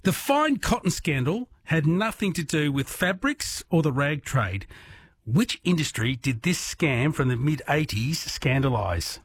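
A man's voice: a little high, a little slow, slightly rough. A man hosting a late-night radio quiz, chatting easily with callers. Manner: relaxed, chatty, friendly banter with callers. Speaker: radio host.

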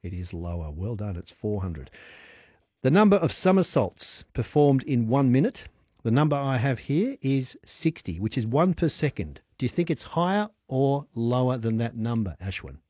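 A man's voice: medium pitch, sing-song, moderate pace, warm tone, husky, no echo, clean studio sound. A man hosting a radio quiz, chatty and upbeat, often laughing.

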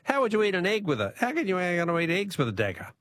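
A man's voice: sits high, wildly swooping pitch, racing, a bit bright, dry recording, clean studio sound. A man with an Australian accent hosting a talkback radio quiz, easygoing and chuckling.

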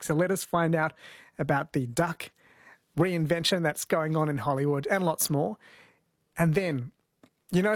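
A man's voice: on the high side, no room sound. A man hosting a radio show, chatty and upbeat, on a studio mic. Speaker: radio host. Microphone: studio microphone.

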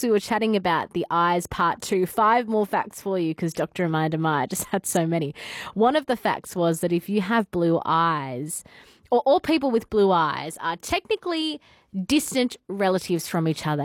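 An Australian woman hosts a morning radio show, chatting in a loose, conversational way. Her voice sits low for a woman. The studio sound is dry and close, with no room echo. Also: animated, normal speed. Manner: chatty and conversational, with fillers and laughs. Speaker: radio host. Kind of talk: morning talkback radio, reading listener messages.

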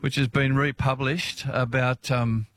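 A man's voice: mid-range voice, little pitch movement, unhurried, fairly bright tone, no echo, studio quality. A man with an Australian accent hosting a radio show outdoors in a park, chatty and cheerful. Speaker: radio host. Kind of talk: outdoor radio broadcast chat.

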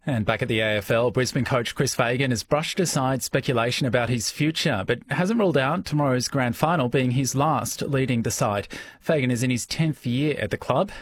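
A man reading a radio news and weather bulletin in a measured, formal manner. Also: medium pitch. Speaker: newsreader.

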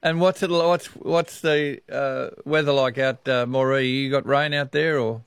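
Easygoing Australian radio host. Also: male voice, mid-range voice, steady tone, unhurried, smooth, no echo, clean studio sound. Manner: chatty, easygoing, laughs often. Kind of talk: talkback radio chat.

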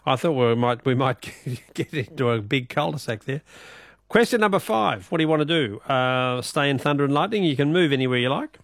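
A man's voice: medium pitch, expressive, brisk, no room sound, studio quality. A man with an Australian accent hosting a radio quiz, playful and teasing, laughing often. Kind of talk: casual radio talk.

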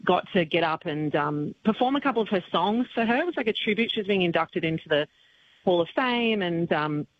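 A woman's voice: fairly low pitch, expressive, fairly quick, dry recording. A woman, a country singer speaking in a radio interview, rambling, full of fillers, tearful yet laughing. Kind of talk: emotional phone-in radio interview. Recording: dull lo-fi radio line with faint noise.

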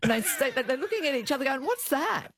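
A woman's voice: high voice, fast, a little hiss or hum. A middle-aged Australian woman, a former police officer, telling anecdotes in an interview and acting out the voices of the people in them. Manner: animated anecdotes, acts out quoted voices. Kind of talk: interview storytelling.

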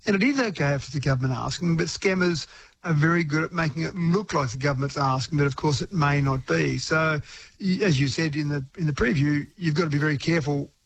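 Brisk New Zealand man explaining tech. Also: a little high, steady tone, slight background noise, low-quality recording. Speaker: tech expert. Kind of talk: radio phone-in interview.

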